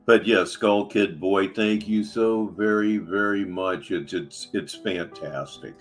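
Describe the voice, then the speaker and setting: A man's voice: on the low side, fairly even intonation, takes it slowly, soft background music. A man hosting a live stream, commenting sarcastically on clips between chats with viewers. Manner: sarcastic, mocking asides. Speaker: livestream host.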